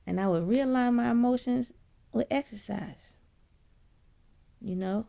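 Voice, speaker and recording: A woman telling a spiritual story in a blunt, profane, chatty way, her voice leaping high when she quotes herself. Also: unhurried, vocal fry, mellow. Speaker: vlogger. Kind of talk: casual spiritual storytelling monologue.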